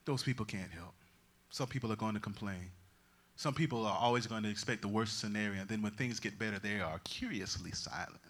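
A man preaching a lively sermon as pastor, swinging from loud proclamations to quiet, joking asides. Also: fairly low pitch, brisk. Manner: humorous, conversational asides.

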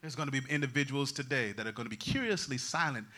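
A man preaching a lively sermon as pastor, swinging from loud proclamations to quiet, joking asides. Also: medium pitch, fast talker. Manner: humorous, conversational asides.

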